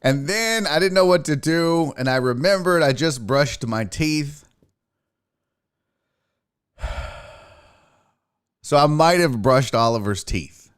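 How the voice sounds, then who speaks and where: A chatty man hosts his show in a loose, rambling monologue. His pitch sits a little high and swings widely as he tells a story. He acts out the lines of his cat and of himself in squeaky voices. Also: expressive, slow, pauses often, clean tone. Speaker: sports show host.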